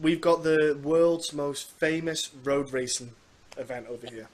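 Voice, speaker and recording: Manx guy hosting a podcast, rambly and jokey about himself, voice sits a bit high. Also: a little slow. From Isle of Man. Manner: chatty, rambling, self-deprecating. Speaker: podcast host. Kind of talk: casual interview chat.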